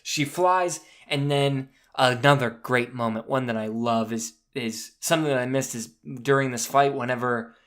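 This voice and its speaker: A man hosting a podcast, excitedly recapping a movie in casual chat, swearing and saying "dude" a lot. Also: mid-range voice, normal speed, hardly any pauses. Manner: animated, swears freely, says "dude" often. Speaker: podcast host.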